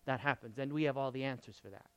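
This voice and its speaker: A man preaching a sermon, asking his congregation questions and swinging from loud to very quiet. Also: medium pitch, fast talker, clean tone, dry recording, dull audio. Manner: talks straight to the congregation with questions. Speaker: pastor.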